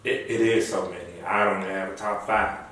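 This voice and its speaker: A man's voice: sits low, moderate pace, a little hiss or hum. Man talking in an echoey room. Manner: animated storyteller, acts out quoted lines. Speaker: interview guest. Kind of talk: casual conversational interview. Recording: echoey room, far from mic.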